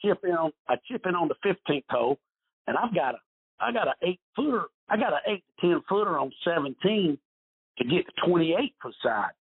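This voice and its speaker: A man's voice: sits high, animated, a little fast. A middle-aged man, a retired golf pro, telling rambling stories as an interview guest and often repeating his words. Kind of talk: casual storytelling interview. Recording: husky voice over a tinny phone-like line.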